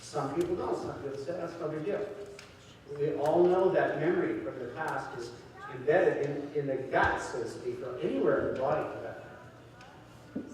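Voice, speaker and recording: A man's voice: a little high, brisk, darkish tone, slight background noise. A man giving a talk to an audience, telling stories and acting out the people in them. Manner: storytelling with acted-out voices. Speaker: speaker. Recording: echoey hall, distant mic.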